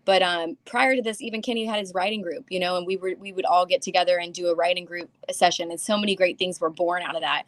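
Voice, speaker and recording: A woman, a comic and writer, chatting casually as a guest, rambling and animated as she tells stories. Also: lowish voice, fast talker, hardly any pauses, no room sound. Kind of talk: casual chat.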